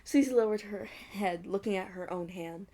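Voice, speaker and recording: A woman's voice: mid-range voice, moderate pace, mellow. Giggly young woman reading fanfic aloud. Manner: giggly, mocking asides. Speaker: fanfic reader. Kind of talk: reading a fan fiction aloud with commentary.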